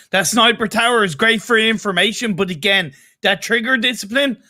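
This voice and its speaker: An Irish man gives easygoing, analytical colour commentary on a live esports match. His voice is high for a man, and his tone is bright and forward. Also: moderate pace, hardly any pauses. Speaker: esports co-caster.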